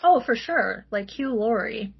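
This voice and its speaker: A woman, a podcast guest chatting casually, relaxed and talkative with many likes and ums. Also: fairly high pitch, unhurried, gravelly, husky. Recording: slightly dull, lo-fi audio.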